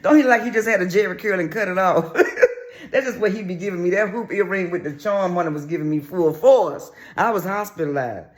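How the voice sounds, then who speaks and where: A man's voice: high-pitched, brisk. A man giving sassy, brash, crude gossip commentary on a reality show in a casual vlog.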